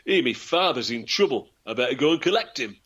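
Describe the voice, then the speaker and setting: A man's voice: medium pitch, lively intonation, fairly quick, a bit bright, slightly rough. A man doing a blunt young lad. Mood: concerned. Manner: blunt, commanding. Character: bold young man, stern, protective son.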